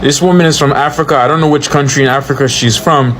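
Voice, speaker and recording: Ranting man, slangy reaction commentary, slightly high voice, faint hiss. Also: steady tone, fast talker, a bit bright.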